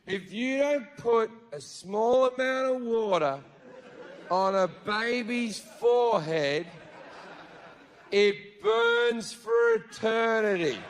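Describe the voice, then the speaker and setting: A man performing a stand-up comedy routine live, crude and sardonic, swearing often and acting out characters. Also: very high-pitched. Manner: crude, swearing, sardonic storytelling with acted-out voices. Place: live venue with audience.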